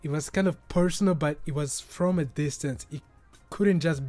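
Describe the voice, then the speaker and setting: A man's voice: a little high, moderate pace, a little mellow, dry recording, faint music behind. A man from Africa hosting a casual solo podcast, rambling and swearing freely, with frequent stumbles and restarts. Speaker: podcast host.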